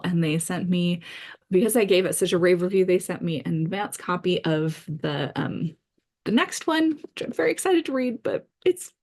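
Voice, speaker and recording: A woman's voice: lowish voice, a little mellow. A middle-aged woman author chatting enthusiastically through her reading pile in a casual vlog, with frequent fillers. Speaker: author vlogger. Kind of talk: casual book-list vlog.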